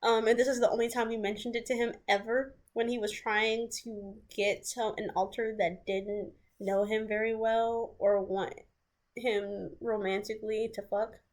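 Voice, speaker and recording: A woman vlogger speaks casually and candidly as she tells a personal story. Her voice is fairly high, and she often stumbles and restarts mid-sentence. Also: flat delivery, normal speed. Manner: casual and candid, breaks into laughs and sighs, restarts. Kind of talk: storytime vlog.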